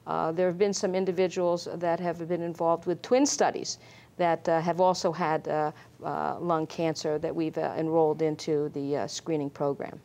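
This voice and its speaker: A middle-aged woman, a lung doctor, explaining screening in an interview, measured and full of fillers. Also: low voice, level tone, dark tone. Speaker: pulmonologist guest. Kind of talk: medical interview.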